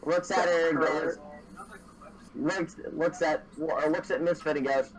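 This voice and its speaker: A man's voice: a little high, steady tone, a little slow, crowd noise, low-quality recording. A man running a tabletop game as game master, narrating casually with a lot of restarts. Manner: casual, rambling, laughs often.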